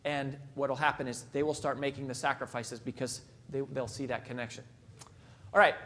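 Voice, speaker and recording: A man's voice: mid-range voice, fairly even intonation, normal speed, a bit bright. A male speaker giving an emphatic motivational talk, telling stories and repeating his key phrases.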